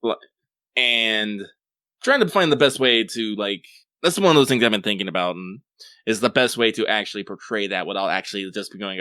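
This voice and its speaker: Man, low-pitched, bright tone, rambling casual chat, lots of fillers, dry close mic. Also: fairly quick, no room sound. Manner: rambling, animated, many fillers, swears. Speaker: podcast co-host.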